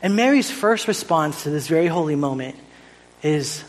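A man in his thirties preaching a sermon in a conversational, animated way, often asking "right?". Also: on the high side, moderate pace, big-room sound, poor audio. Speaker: pastor.

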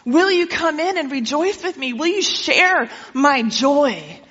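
Picture a woman playing a welcoming heavenly Father whose words are gentle invitations. The voice is bright and high, with a long hall echo on a slightly dull recording. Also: animated, takes it slowly, heavily acted. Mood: inviting.

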